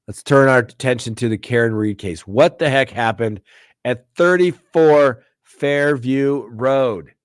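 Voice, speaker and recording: A man who hosts a live stream and, as a former defense lawyer, tells animated anecdotes, acting out what people said. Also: medium pitch, dry recording, clean studio sound. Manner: animated, anecdotal, acts out quotes. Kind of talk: casual live-stream storytelling.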